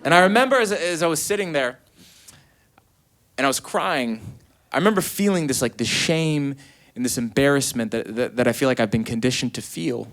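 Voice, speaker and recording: A man doing a stand-up comedy set on stage, telling stories animatedly and acting out quotes in high voices. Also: brisk, a bit bright. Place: comedy stage before a live audience.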